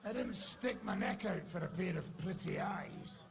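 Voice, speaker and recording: An actor playing a foul-mouthed, gruff male mercenary in a game, crude and swearing. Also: high voice, a little slow.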